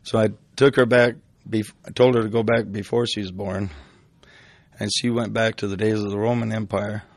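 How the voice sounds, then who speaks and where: Gravelly older man telling rambling stories. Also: lowish voice, flat delivery, moderate pace, dry recording. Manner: rambling, with restarts and fillers. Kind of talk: casual storytelling.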